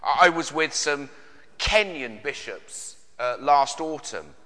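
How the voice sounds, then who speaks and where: A man's voice: mid-range voice, expressive, slow pace, bright, forceful tone, long reverb tail. A British man preaching a sermon in an earnest way, with many searching questions and frequent repeated words. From Britain. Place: church.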